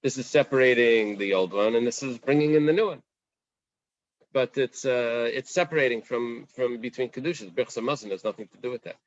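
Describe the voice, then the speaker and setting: Guy teaching a talmud class, chatty and animated, dry dull sound. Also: mid-range voice, a little fast, no room sound. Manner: conversational, animated, acts out the Gemara's questions. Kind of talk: casual Daf Yomi Talmud class.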